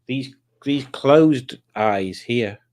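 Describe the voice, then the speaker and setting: Here a livestream host with a mid-range male voice stretches out his words. Relaxed and at home, he reads what viewers write, jokes around, and rambles chattily between his answers.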